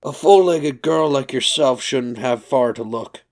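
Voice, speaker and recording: A man's voice: medium pitch, measured pace, voice pushed up, lightly acted. A man reading aloud, voicing a thin, crouched old grandfather who wheezes and grates with mischievous glee. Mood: amused. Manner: wheezy, grating, chuckling.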